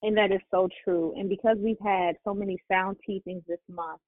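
A woman's voice: mid-range voice, fairly even intonation, moderate pace, no room sound. Fervent woman preaching over the phone. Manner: fervent, encouraging. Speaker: prayer call host. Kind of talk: preaching and exhortation. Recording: dry, tinny phone line.

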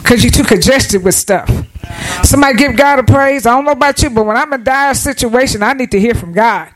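A woman's voice: a little high, fairly quick, poor audio. A woman preacher delivering a down-to-earth, conversational sermon in church, calling for amens from the congregation. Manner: folksy, down-to-earth preaching with call-and-response.

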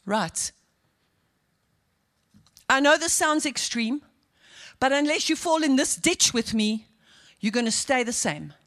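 A woman pastor from South Africa preaches with a high, bright-sitting voice. She drops into quiet, confiding asides and then climbs into fervent, ringing outbursts. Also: animated, takes it slowly, pauses often. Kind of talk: sermon.

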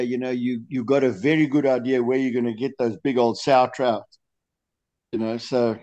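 A man being interviewed speaks with a South African accent in a chatty, rambling way. He often stumbles over his words and restarts before he finishes a thought. His pitch sits in the middle range for a man. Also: mellow, lo-fi sound. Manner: chatty, repeats words while searching for them. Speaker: guest, lure designer. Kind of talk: podcast interview.

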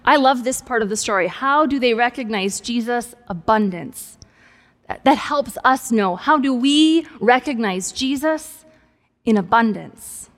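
A woman's voice: fairly high pitch, lively intonation, unhurried. A woman pastor preaching a sermon in a conversational, playful way with humorous asides. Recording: long hall reverb.

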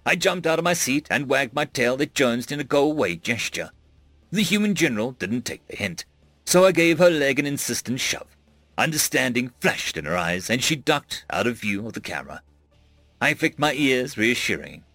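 A man narrating a sci-fi audiobook with expressive storytelling. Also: mid-range voice, moderate pace, dry recording, soft background music.

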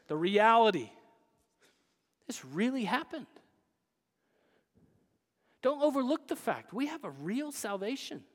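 A man preaching a sermon as pastor, emphatic, swinging between loud declarations and hushed asides. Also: very high voice, big pitch swings, takes it slowly, pauses often, long reverb tail.

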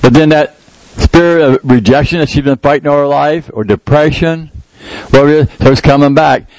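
A man's voice: fairly high pitch, moderate pace, a little mellow, no echo, poor audio. A middle-aged male pastor preaching a sermon in a conversational way that rises into emphatic prayer. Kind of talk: sermon with live demonstration.

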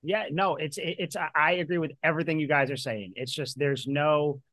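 A man co-hosting a sports podcast, speaking in a halting, agreeable way and repeating himself. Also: fairly high pitch, steady tone, a bit bright, no room sound. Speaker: podcast co-host. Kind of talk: casual sports talk.

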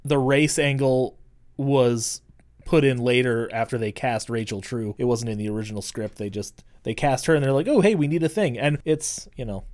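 A man's voice: mid-range voice, normal speed, a little mellow. A man casually recapping a film scene by scene, swearing freely and joking. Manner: profane, joking, retelling scenes with quoted voices. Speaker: podcast co-host. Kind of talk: casual movie recap chat.

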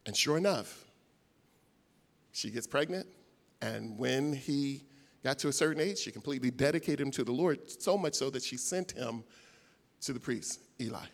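A man preaching a sermon, retelling stories conversationally with big swings in loudness and pitch. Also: moderate pace. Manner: conversational, many fillers.

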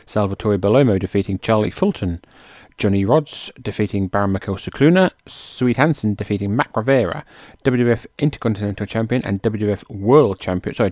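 A man hosts his podcast with a casual, chatty delivery and laughs at his own slips. His voice sits on the low side. The sound is dry, with no room around it. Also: darkish tone, no room sound. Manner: chatty, self-mocking, trips over names. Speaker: podcast host.

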